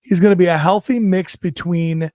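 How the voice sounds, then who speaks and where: A man's voice: high-pitched, fairly even intonation, normal speed, warm tone, no echo, studio quality. A man co-hosting a podcast, casually joking and reading out viewer comments. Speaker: podcast co-host.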